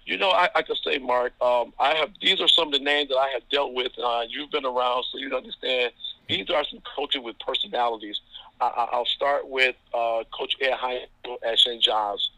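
A man from Ohio, a basketball referee, speaking with a very bright, forceful tone. He tells stories about coaches in a chuckling, chatty way, full of fillers. The sound is dry and close. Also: medium pitch, steady tone, moderate pace, no echo, rough recording. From Toledo, Ohio. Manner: chuckling, anecdotal, lots of fillers. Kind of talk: casual storytelling interview.

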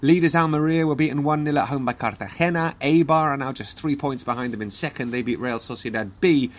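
A man co-hosting a football podcast, chatting casually and running through results and fixtures. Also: mid-range voice. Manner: chatty, lively, runs through results in quick rundowns. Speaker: podcast co-host.

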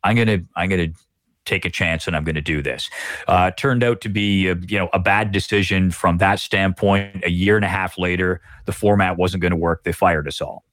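Deep-voiced Canadian man telling stories. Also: steady tone, a little fast, fairly bright tone, no room sound, clean studio sound. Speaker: guest broadcaster. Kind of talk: storytelling in a podcast interview.

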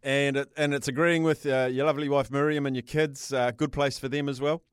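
Matey Kiwi host, smooth voice. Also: male voice, medium pitch, little pitch movement, brisk, no room sound. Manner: matey, jokey. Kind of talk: casual interview.

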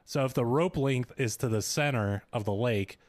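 A young man chats casually about a movie, laid-back, dropping dry jokes. His voice is mid-pitched and even. The recording is dry and close. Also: moderate pace, no room sound. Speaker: podcast co-host. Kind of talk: casual chat.

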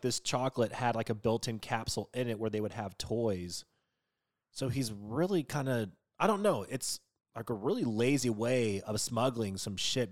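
A man's voice: fairly low pitch, no echo, studio quality. A young man co-hosting a podcast, riffing on the news with crude jokes and swearing. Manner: crude jokey banter, swearing. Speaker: podcast co-host. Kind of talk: casual news chat.

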